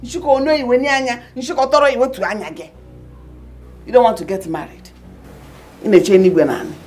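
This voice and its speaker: An actress playing a middle-aged Nigerian mother in a film drama, coaxing and chiding her daughter in a husky voice, mixing in Igbo phrases. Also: a little high, fairly quick, darkish tone, soft background music, natural voice.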